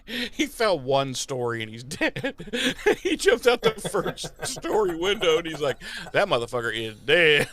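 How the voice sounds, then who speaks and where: A man's voice: high-pitched, sing-song, unhurried, a bit bright. A young adult man co-hosting a podcast, recapping an episode in casual, profane chat and acting out quotes in exaggerated voices. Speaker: podcast co-host.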